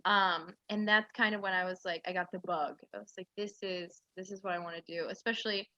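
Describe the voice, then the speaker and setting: Young woman guest, bright and tense, rambling and full of fillers; dry, dull recording. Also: mid-range voice, fairly even intonation, brisk, dry recording. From central New York. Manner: rambling storytelling with many "like" fillers. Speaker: guest, aspiring actress. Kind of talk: casual interview chat.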